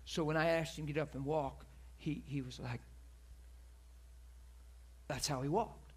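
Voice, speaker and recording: Male preacher, husky and higher-pitched, animated sermon storyteller who drops into whispers. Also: a little slow. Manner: animated storyteller, acts out quoted voices, drops to soft whisper at emotional moments.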